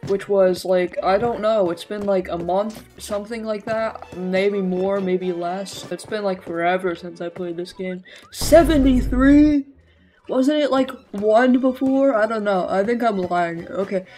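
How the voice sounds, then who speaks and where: A gaming creator rambling through casual gameplay commentary in a mid-pitched voice, full of sarcastic asides and self-corrections. They burst into jokey, excitable outbursts now and then. Faint game music runs underneath. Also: measured pace, few pauses.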